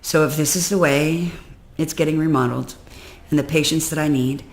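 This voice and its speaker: Gravelly woman venting her frustrations. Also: steady tone, a little fast. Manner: emotional, venting, swings from low and weary to loud and exasperated. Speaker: personal development vlogger. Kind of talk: candid personal storytelling.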